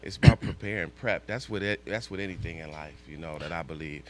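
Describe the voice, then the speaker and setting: A man's voice: deep voice, fast talker. A male talk show co-host chatting casually and rambling with lots of fillers.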